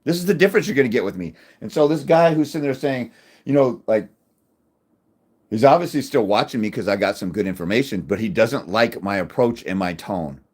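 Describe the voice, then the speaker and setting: A middle-aged man giving a blunt, crude advocacy rant to camera, combative, with many restarts and loud jumps when he makes a point. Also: lowish voice, lively intonation, brisk, breathy edge. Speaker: fathers' rights advocate.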